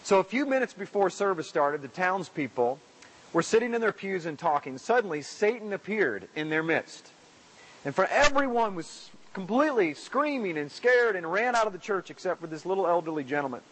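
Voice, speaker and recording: A man preaching a sermon in a church, praying and then telling jokes with lively acted-out voices. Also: normal speed, slight background noise, poor audio. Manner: animated storytelling, acts out characters with raised pitch. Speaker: pastor.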